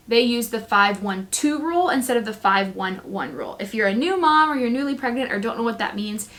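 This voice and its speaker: Chatty young woman telling her story. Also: mid-range voice. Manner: chatty, animated, quotes herself often. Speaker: vlogger, new mom. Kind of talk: casual storytelling to camera.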